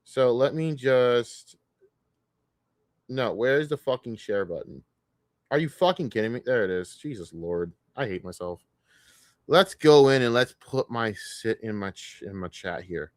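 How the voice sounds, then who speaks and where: A man's voice: mid-range voice, lively intonation, a little slow, dry recording, clean studio sound. A man streaming live, talking casually and ranting in a profane, combative, mocking way.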